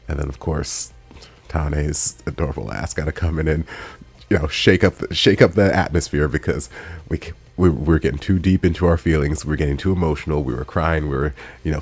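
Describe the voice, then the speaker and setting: A man's voice: very deep voice, darkish tone, husky. A man hosting a reaction video, recapping an episode in casual, chatty commentary with playful quoted asides.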